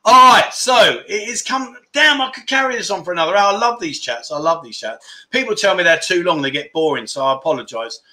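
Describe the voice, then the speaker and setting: A man's voice: high voice, lively intonation, a little fast, bright, forceful tone. A man in his fifties hosting a casual livestream, chatting and reading out viewer comments between rambling anecdotes. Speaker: livestream host.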